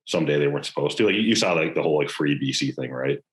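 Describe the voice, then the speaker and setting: On a rough recording, a young man with a very deep, expressive voice races through a casual podcast chat as co-host. He's relaxed and loose, filling his speech with lots of "like" and "yeah."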